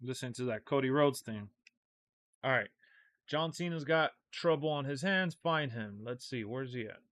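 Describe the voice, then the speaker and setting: A man's voice: medium pitch, animated, moderate pace, fairly bright tone, no room sound. A man live-streaming a wrestling game, talking loosely and joking at his own expense. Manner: loose, joking and self-mocking. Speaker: gaming streamer. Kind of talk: casual live-stream chat.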